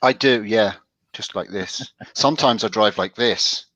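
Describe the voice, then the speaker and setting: Casual male co-host, low voice, dry dull lo-fi sound, rambling anecdotes. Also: measured pace, fairly bright tone, dry recording. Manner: storytelling, stop-start with restarts. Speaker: podcast co-host. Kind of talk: casual chat.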